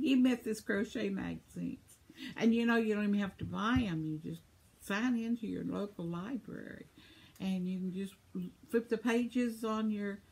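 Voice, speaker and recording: A woman in her seventies chats casually as she reads viewer comments, laughing often. Her voice is gravelly and a little worn, as if she is losing it. She talks slowly and unhurriedly. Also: mid-range voice, darkish tone. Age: 70s. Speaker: vlogger reading viewer comments. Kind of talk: casual chat.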